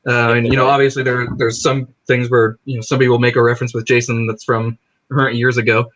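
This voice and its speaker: A man's voice: medium pitch, little pitch movement, fast talker, a bit bright. A man who acts in a stage play, chatting casually in an interview with many fillers and restarts.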